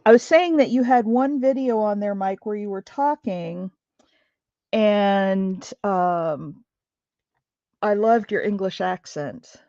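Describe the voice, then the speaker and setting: A woman's voice: medium pitch, slow pace, mellow, no room sound, muffled recording. A woman hosting a craft livestream, chatting casually with viewers and thinking aloud as she works. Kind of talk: casual chat while crafting.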